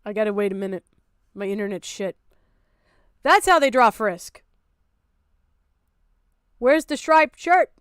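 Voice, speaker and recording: A young woman streaming a reaction, blunt and profane, exasperated and often shouting in disbelief. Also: mid-range voice, expressive, unhurried, pauses often, clean tone, no room sound, studio quality. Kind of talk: casual reaction commentary.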